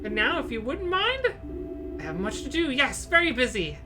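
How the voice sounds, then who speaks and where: A fussy, eccentric hospital doctor, as a woman puts him on, high and pompous, flustered, with a voice that leaps about. Game music plays behind. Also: huge pitch swings, normal speed.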